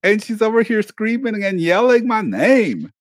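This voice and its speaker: A man co-hosting a podcast, chatting casually and telling lively stories about his family. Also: sits high, normal speed, dry recording, studio quality. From Mexican family background. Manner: animated storyteller, mimics his mother yelling. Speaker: podcast co-host. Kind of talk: casual chat.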